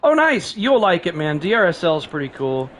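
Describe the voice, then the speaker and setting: A man's voice: sits high, sing-song, brisk. A man streaming a racing game live, chatting casually and rambling with frequent laughs, sleep-deprived and coughing.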